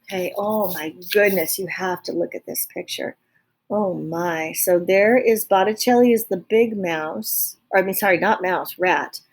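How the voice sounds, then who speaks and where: A woman reading a children's book aloud, with chatty asides and quick self-corrections. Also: fairly low pitch. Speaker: reader.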